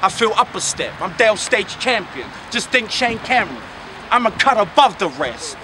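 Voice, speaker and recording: A man's voice: sits high, very animated, normal speed. A man rapping a boastful, confrontational battle verse outdoors. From New Zealand. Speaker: battle rapper. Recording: outdoor recording with clear background noise.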